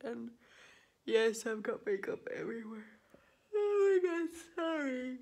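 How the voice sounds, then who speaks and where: A woman's voice: high voice, expressive, unhurried, a little mellow. Giggly, tired woman rambling to camera. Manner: giggly, rambling, drops into whispered asides. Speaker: vlogger. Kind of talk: casual rambling vlog chat. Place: at home indoors.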